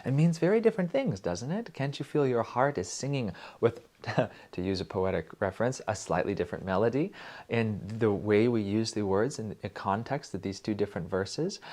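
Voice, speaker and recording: A man gently teaching about devotional verses, reciting lines slowly and dropping his voice to whispers. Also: on the low side. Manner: slow, gentle, drops to whispers on repeated words. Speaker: spiritual music teacher.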